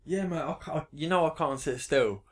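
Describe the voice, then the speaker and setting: A man, co-hosting a podcast in casual chat, animated and swearing, with lots of stammered restarts. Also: a little high, normal speed, a crowd in the background. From England. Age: 30s. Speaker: podcast co-host.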